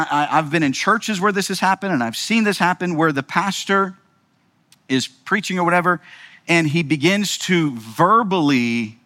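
A male pastor delivers a sermon in an emphatic, rhetorical way. He keeps turning to the audience with quick questions. His speaking voice sits a little higher than most men's. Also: sharp tone.

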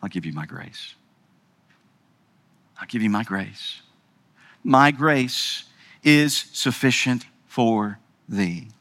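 A man voicing God as a calm, gentle presence who answers quietly and slowly. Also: mid-range voice, dry recording, pitched below the performer's own voice. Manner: hushed, slow, soothing.

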